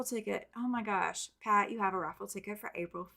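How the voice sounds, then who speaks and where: A woman hosts a live stream in a casual, chatty way. She talks loosely and upbeat at a middle pitch, greeting viewers by name as she goes. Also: brisk, creaky, bright, forceful tone. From American South. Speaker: quilting livestream host.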